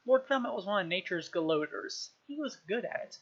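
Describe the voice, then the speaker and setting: A woman reads a novel aloud on a live stream, mid-pitched and easygoing. She stumbles and restarts now and then. The sound is slightly dull and lo-fi. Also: expressive, normal speed. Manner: unpolished reading with restarts and chuckles. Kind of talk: live-streamed book reading.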